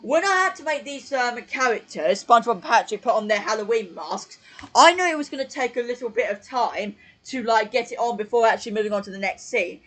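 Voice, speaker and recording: A man's voice: very high voice, lively intonation, fairly quick, fairly bright tone, poor audio. A male host giving casual live-stream commentary from home on his desk mic, rambling with lots of fillers and self-corrections. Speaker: channel host.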